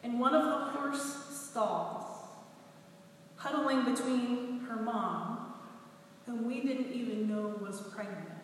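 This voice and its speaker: A woman in her forties, a pastor reading scripture and then telling a story in a sermon, animated and expressive. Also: fairly high pitch, a little hiss or hum. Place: church sanctuary. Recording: echoey hall, heard from a distance.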